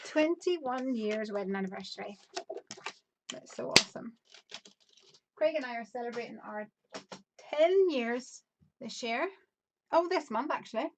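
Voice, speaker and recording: Chatty, higher-voiced Northern Irish woman. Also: heavy background noise. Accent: softened Northern Irish. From Northern Ireland. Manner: chatty and upbeat, laughs often, thinks aloud while measuring. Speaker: crafting live-stream host. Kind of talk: casual live-stream chat, reading viewer comments aloud.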